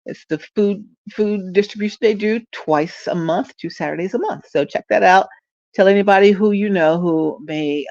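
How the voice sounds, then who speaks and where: A woman's voice: low-pitched, vocal fry, darkish tone, no echo, dull audio. A woman, talking in a rambling, upbeat vlog style and laughing often, recorded lying down at home on a phone or webcam. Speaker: traffic reporter and streaming host. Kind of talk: casual direct-to-camera vlog.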